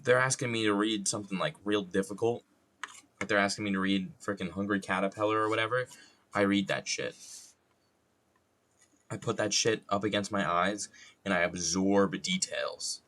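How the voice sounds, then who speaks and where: A man's voice: fairly low pitch, fairly even intonation, normal speed, fairly bright tone. A young adult man streaming casually while wood carving, joking, rambling and swearing freely at his own expense.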